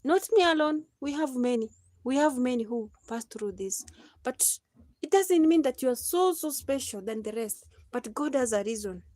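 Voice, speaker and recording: Chatty Kenyan woman live-streaming, slightly high voice. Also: lively intonation, normal speed, darkish tone, dry recording. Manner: chatty, laughs often, preachy asides. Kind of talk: casual live-stream chat.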